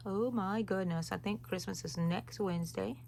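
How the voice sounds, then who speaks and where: There's a little hiss or hum behind this crochet tutorial, where a woman explains every stitch in a relaxed, rambling manner with chatty tangents. She speaks at normal speed in a mid-range voice, with vocal fry and a darkish tone.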